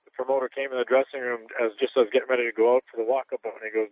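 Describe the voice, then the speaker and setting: Boxer telling stories over a phone line. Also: male voice, mid-range voice, level tone, racing. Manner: rambling anecdotes, frequent restarts and chuckles. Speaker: retired pro boxer, interview guest. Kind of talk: candid storytelling interview. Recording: tinny phone-line radio audio.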